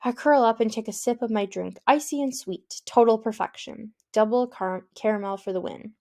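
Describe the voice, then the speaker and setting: Female audiobook narrator, first-person, casual and youthful, with a touch of vocal fry. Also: a little high, normal speed, darkish tone. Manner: conversational, youthful, inward.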